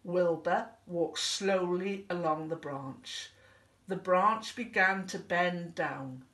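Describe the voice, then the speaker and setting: A woman teacher reading a picture book aloud in a slow, expressive storytelling way. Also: lowish voice, reverberant, far from the mic.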